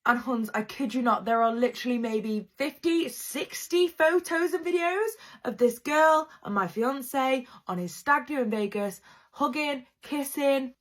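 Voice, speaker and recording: A woman's voice: high voice, unhurried. A young woman telling a storytime tale in a dramatic, chatty way, speaking straight to her viewers. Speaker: storytime creator. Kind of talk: storytime narration.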